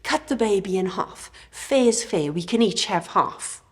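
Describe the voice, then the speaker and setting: A woman voicing an angry, mean woman who forcefully insists on her claim in a children's Bible story. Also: mid-range voice, lively intonation, unhurried, close to an everyday voice. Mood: indignant. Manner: indignant, forceful.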